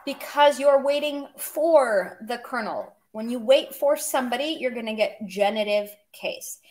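A woman's voice: fairly high pitch, moderate pace, darkish tone. A woman explaining grammar in a casual online lesson, chatty and joking as she goes. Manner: chatty, explains with humor and asides. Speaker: language teacher.

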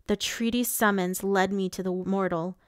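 A woman reading an audiobook voices a gruff, growling male fae lord with low, clipped lines. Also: steady tone, moderate pace, dry recording, studio quality, close to an everyday voice.

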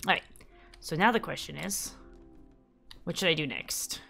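A woman's voice: low voice, moderate pace, creaky, pushed and bright, faint music behind. A woman casually commenting while playing a video game, giggly and chatty, often confused. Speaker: gaming YouTuber. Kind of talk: casual let's play commentary.

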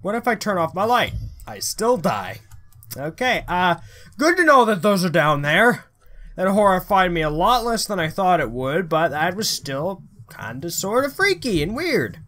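A man giving let's play commentary, excitable, swearing a lot and thinking aloud as he plays. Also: high voice, moderate pace, soft background music. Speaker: gamer.

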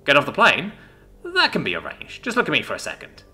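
A man's voice: fairly high pitch, huge pitch swings, a little fast, bright, forceful tone, soft background music, exaggerated voice. A man voicing a reckless, teasing young man who loves thrills, laid-back and amused.

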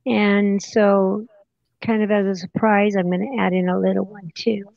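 Gravelly woman over a muffled call. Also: medium pitch, little pitch movement, normal speed, darkish tone, no room sound. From Australia. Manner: hesitant, with many fillers. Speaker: guest artist. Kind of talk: casual chat while crafting.

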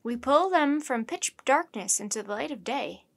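A woman's voice: sits high, animated, normal speed, creaky, breathy edge, exaggerated voice. Woman playing a pompous old professor. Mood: lecturing. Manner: formal, lecturing. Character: earnest older male professor, pompous.

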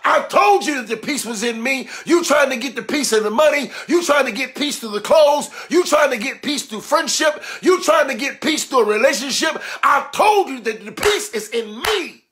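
A preacher man with a strikingly high voice delivers a sermon. He swings from ringing shouts and exclamations down to quiet, hushed lines, and he keeps calling on his listeners to respond. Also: animated, moderate pace, few pauses.

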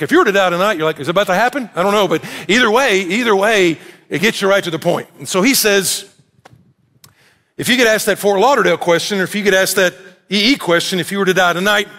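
Animated high-voiced preacher, echoey hall. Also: male voice. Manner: animated storytelling, acts out quoted voices. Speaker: pastor. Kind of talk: sermon. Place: church sanctuary.

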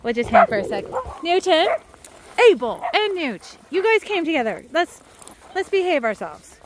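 A woman out on a trail with a big group of dogs, chatting casually to the camera. Her voice sits high and swoops all over as she switches into a sing-song tone to praise and call the pack. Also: sing-song, moderate pace, very noisy. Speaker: dog walker. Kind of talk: casual vlog narration while walking dogs. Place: outdoors on a trail near a river.

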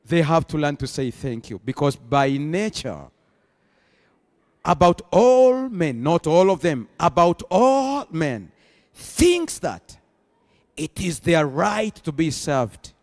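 High-voiced pastor guy preaching slow, booming in a big echoey hall. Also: big pitch swings. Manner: preaching with rising emphatic bursts and slow stressed phrases. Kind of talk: sermon. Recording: long hall reverb.

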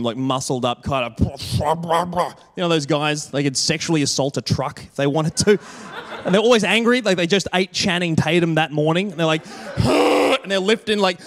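Young male stand-up, high voice, wry mocking delivery with quick impressions. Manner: wry, mocking impressions, laughs at own jokes. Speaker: stand-up comedian. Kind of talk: stand-up routine. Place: comedy stage before a live audience.

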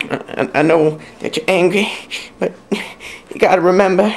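An awkward, stammering teenage boy, as a woman acts him out in a homemade comedy sketch. The voice sits a bit low and keeps tripping over repeated words and half-started sentences. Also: fairly even intonation, close to an everyday voice. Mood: sheepish. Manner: stammering, halting.

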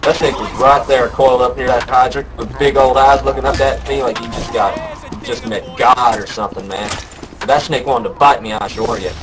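A man voicing a rambling young Southern good-ol'-boy who drawls through a story and bursts into yelled quotes, over game voice chat. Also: medium pitch, fairly even intonation, brisk, over music, close to an everyday voice, poor audio. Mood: tall tale.

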